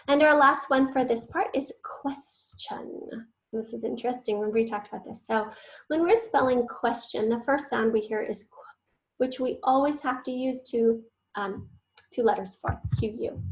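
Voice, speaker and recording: A woman's voice: a little high, darkish tone, a little hiss or hum, poor audio. A woman teacher giving an online spelling lesson, patiently sounding out words syllable by syllable and sometimes whispering the letters.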